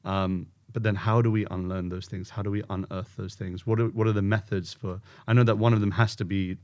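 A man's voice: deep voice, steady tone, a little fast, darkish tone. A man hosting a casual conversation, a yoga retreat leader, talking in a loose, searching way with lots of restarts.

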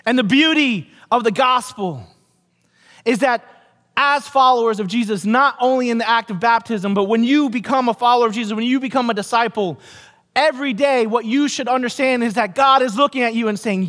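A man preaching a sermon as pastor, earnest, repeating key phrases and dropping low for emphasis. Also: fairly quick, a bit bright, long reverb tail.

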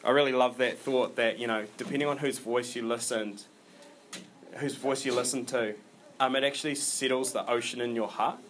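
Male preacher, mid-pitched, loose and chatty, lots of ums and restarts, faint room hum. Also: fairly even intonation, normal speed, a bit bright. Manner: informal, rambling delivery with many fillers and restarts. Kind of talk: conversational sermon.

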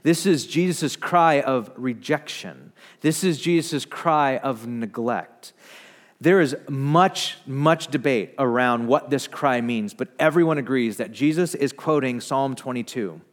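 A man preaching a sermon, swinging between loud emphatic declarations and hushed, low retellings. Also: measured pace. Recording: long hall reverb.

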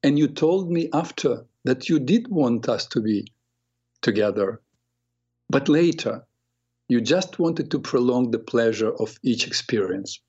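A man in his sixties hosting a radio show, telling a story at an unhurried, reflective pace with many fillers. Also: mid-range voice, animated, dark tone, breathy edge, muffled recording. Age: 60s. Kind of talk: storytelling monologue.

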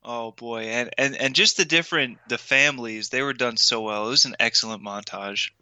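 A man co-hosting a casual movie podcast, calm and agreeable. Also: medium pitch, moderate pace, clean tone, no room sound. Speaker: podcast co-host. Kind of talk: casual movie review chat.

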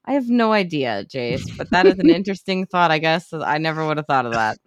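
Podcast co-host, mid-range voice, animated and profane, dry sound. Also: mid-range voice, fairly quick, no room sound. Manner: animated, swears freely, acts out reactions. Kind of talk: casual movie chat.

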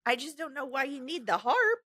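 A woman's voice: sits high, very animated, a little fast, pushed and bright, no room sound. A woman co-hosting a podcast, reading a news story aloud with sarcastic asides and frequent laughter. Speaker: podcast co-host.

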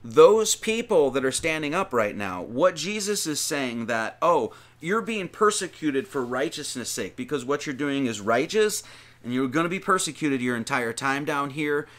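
A man's voice: medium pitch, big pitch swings, moderate pace, fairly bright tone. A man giving an informal sermon, reading scripture aloud and commenting on it in a conversational way, with frequent restarts and emphatic lists. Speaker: preacher.

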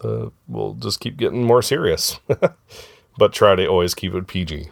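A man's voice: low-pitched, expressive, normal speed, creaky, dry recording, clean studio sound. A middle-aged man hosting a casual family podcast with his kids, laughing often and joking loosely. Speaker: podcast host and father.

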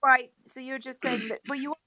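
A woman on a podcast answers with skeptical, sarcastic pushback. Her voice is bright and forward, and the sound is close and dry. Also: high-pitched, steady tone, fairly quick, no room sound. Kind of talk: casual debate chat.

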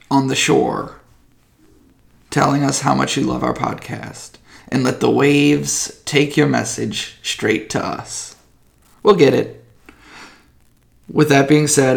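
A man with a gravelly, fry-heavy voice narrates as game master, loose and casual, laughing and swearing as he goes. His pitch sits in an ordinary middle range. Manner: casual, swears freely, laughs between descriptions. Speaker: game master and podcast host. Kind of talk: narrating a tabletop game and closing the podcast.

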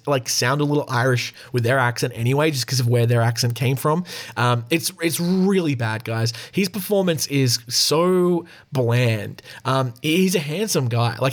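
A man talking through a film review in a loose, unscripted way. He rambles, swears freely and chuckles often, with many fillers. His pitch sits in an ordinary middle range for a man. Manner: rambling, frank and profane, with frequent fillers and chuckles. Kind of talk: casual spoken film review.

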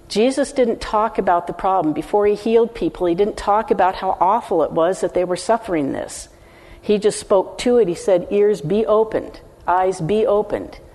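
An older woman delivers a teaching sermon straight to her congregation, earnest and emphatic. Her voice is mid-pitched for a woman with a darkish tone, and the hall around her adds a long reverb.

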